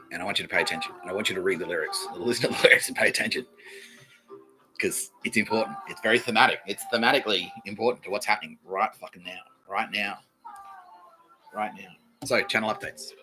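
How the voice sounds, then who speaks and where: A man hosting his own podcast, rambling and swearing through a solo monologue that keeps contradicting itself. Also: fairly low pitch. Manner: profane, rambling, self-contradicting. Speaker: podcast host. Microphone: talking to camera.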